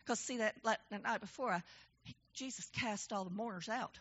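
A woman preaching a testimony sermon in a church, swinging between low storytelling and shouted, emphatic preaching. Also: normal speed, highs cut off, a little hiss or hum.

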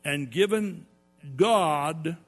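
A pastor preaching a sermon, his voice swinging between loud rises and quiet drops. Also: on the high side, extremely slow, soft background music. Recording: long hall reverb with mains hum.

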